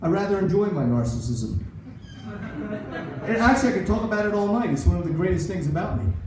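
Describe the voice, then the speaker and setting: A man's voice: sits high, lively intonation, quick pace, noisy background. A man in his sixties doing a rambling, self-mocking stand-up set at a comedy club. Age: 60s. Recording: echoey club recorded from far off.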